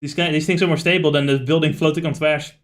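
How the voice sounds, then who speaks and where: Male gaming streamer, fairly high voice, rambling and animated, loose casual chat with lots of "like" and swearing. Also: fast talker. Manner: rambling, animated storyteller with frequent fillers and swearing. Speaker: streamer playing a video game.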